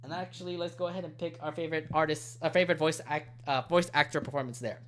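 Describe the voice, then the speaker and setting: A man hosting a podcast in casual chat, animated and laughing often, stumbling over titles. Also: fairly high pitch, fast, a little hiss or hum. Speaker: podcast host.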